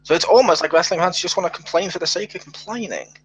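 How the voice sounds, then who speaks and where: A man's voice: high-pitched, quick pace, a bit bright, slight background noise, rough recording. A man co-hosting a casual podcast, giving blunt, joking opinions on wrestling matches. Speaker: podcast co-host.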